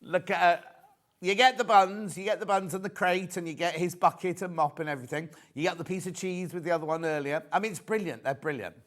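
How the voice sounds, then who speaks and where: A man presenting a live TV shopping show, chatty and excitable, reading out prices and viewer messages. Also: high voice, a little fast. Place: TV studio.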